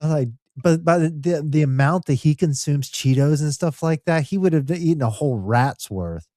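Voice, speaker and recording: A man's voice: a little high, normal speed, warm tone, no room sound, clean studio sound. A man co-hosting a casual podcast chat, tossing in jokes and wordplay. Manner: jokey quips and wordplay. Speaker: podcast co-host.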